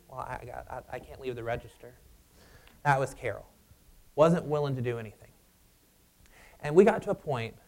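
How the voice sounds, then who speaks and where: A man preaching a sermon and telling a personal story in a conversational, animated way. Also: mid-range voice.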